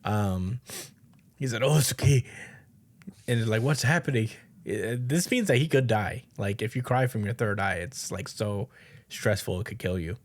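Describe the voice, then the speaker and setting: A man's voice: fairly low pitch, expressive, normal speed. A man co-hosting a podcast, casually recapping a manga chapter, laughing often and swearing offhandedly. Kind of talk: casual chat.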